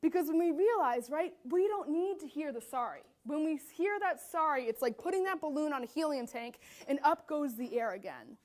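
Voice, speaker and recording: Woman doing a keynote talk, pretty high voice, acts out what people said, lots of "like". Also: moderate pace, hardly any pauses. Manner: animated, acts out quotes with filler "like". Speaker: keynote speaker.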